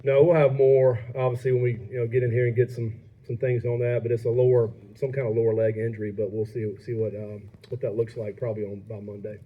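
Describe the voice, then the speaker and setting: Fast-talking football coach at a press conference. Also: male voice, mid-range voice, flat delivery, muffled recording. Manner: upbeat, halting, filler-heavy answers.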